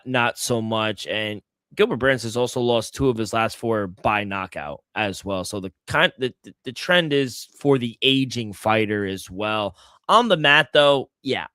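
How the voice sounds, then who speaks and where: Male co-host, mid pitch, smooth voice, dry close sound. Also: a bit bright, no echo. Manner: laid-back, reads ad spots. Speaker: podcast co-host. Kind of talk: casual sports betting chat.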